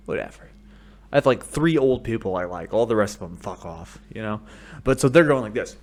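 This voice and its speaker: A man from the United States talks solo into a studio mic in a loose, rambling monologue. His pitch swings widely from mutters to yelled outbursts, and he laces his stories with profanity. He sits at a middle pitch for a man. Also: lively intonation, a little fast. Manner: profane, rambling storytelling that bursts into shouted rants. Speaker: podcast host. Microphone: studio microphone.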